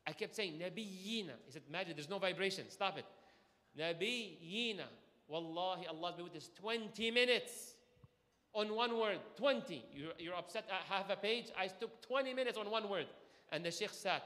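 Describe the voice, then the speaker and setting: Male preacher, high and bright, lively call-and-response sermon in an echoey hall. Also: moderate pace. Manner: energetic, asks audience questions, call-and-response. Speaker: imam.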